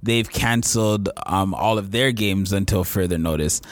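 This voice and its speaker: A man co-hosting a podcast in easygoing casual chat, explaining things at a measured pace. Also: low voice, no room sound. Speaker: podcast co-host.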